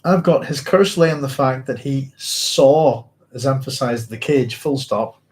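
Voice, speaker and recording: A man's voice: medium pitch, measured pace. A man hosting a live-streamed book club, reading passages aloud, then musing informally and answering viewers' comments.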